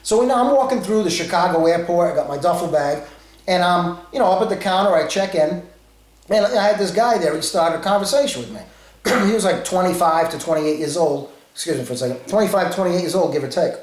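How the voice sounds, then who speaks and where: Guy from rhode island w a new england accent, kinda high voice, rambling story, echoey room. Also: animated, fairly quick. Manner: rambling, many asides. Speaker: vlogger. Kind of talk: casual storytelling.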